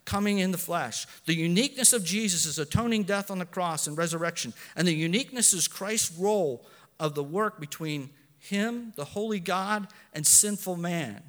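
Male preacher, high bright voice, earnest and emphatic, long church reverb. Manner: earnest, swings between soft asides and loud emphatic lines; self-correcting, with fillers. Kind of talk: sermon.

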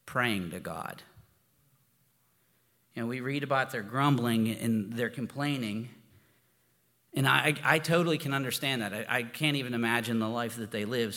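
A man's voice: medium pitch, fairly bright tone. A pastor giving a conversational sermon, informal and storytelling, often restarting his sentences. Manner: informal and storytelling, with frequent restarts and "you know". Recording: long hall reverb.

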